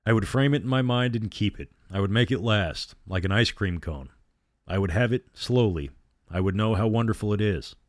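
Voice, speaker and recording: A fragile teenage girl who begs softly and keeps pleading, as a male narrator puts her on. The voice stays low, in a dry, close sound. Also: moderate pace, dry recording, natural voice. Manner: pleading, soft, breaking.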